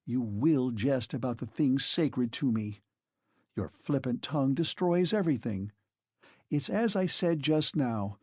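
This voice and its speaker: A man's voice: medium pitch, lively intonation, measured pace, a little mellow, slightly rough, no echo, studio quality. A man reading an audiobook, voicing a serious, idealistic woman who speaks firmly and fervently. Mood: reproachful. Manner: firm, fervent.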